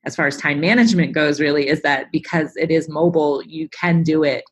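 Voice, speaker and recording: A woman's voice: sits low, fairly quick, breathy edge. A middle-aged woman interviewed as a guest, who laughs easily and lets her sentences trail off. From United States. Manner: warm, laughs easily, trails off mid-thought. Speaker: guest, embroidery artist. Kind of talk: casual interview chat.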